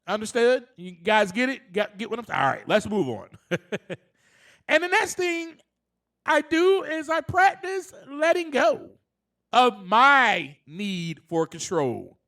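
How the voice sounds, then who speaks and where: High-voiced, slow-talking male podcast host. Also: lively intonation, fairly bright tone. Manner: earnest, laughs often, rising to passionate emphasis. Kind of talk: solo self-help podcast talk.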